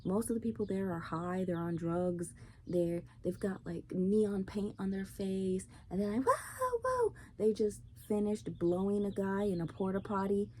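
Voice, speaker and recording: A woman's voice: mid-range voice, fairly even intonation, a little slow, mellow. A woman hosting her own show, ranting bluntly and profanely in a casual opinion monologue. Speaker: podcast host. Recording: faint background noise.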